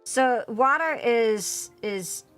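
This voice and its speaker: A woman with a Northeast Philadelphia accent chats loosely on a live stream, her voice pitched a bit high. She rambles and restarts her sentences, trailing off into fillers. Soft music plays faintly behind her. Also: lively intonation, drawn-out words. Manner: rambling and chatty, many fillers and self-restarts. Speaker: VTuber streamer. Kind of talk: casual chat while building a model kit. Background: faint background music.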